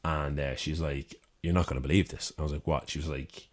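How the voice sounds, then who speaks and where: A young Irish man with a Dublin accent, co-hosting a podcast and telling a profane, animated story in a casual chat from a city studio. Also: extremely low pitch, a little fast. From Ireland. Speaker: podcast co-host. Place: city studio with door open.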